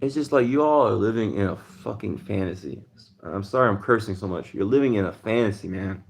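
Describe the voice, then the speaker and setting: A man's voice: on the low side, lively intonation, brisk, creaky. A man hosting a livestream, ranting heatedly in a casual monologue and answering chat. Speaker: livestream host.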